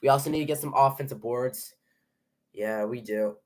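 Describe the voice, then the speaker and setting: A young man giving a live play-by-play reaction as a fan, nervous and excitable, often stumbling and restarting his sentences. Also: mid-range voice, moderate pace.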